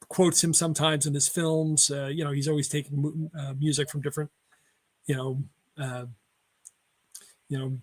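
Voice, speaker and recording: A man talks casually on a film chat show, wandering through trivia. He fills pauses with ums and uhs and corrects himself often. His voice sits somewhat high for a man. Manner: rambling, many fillers and self-corrections. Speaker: podcast co-host.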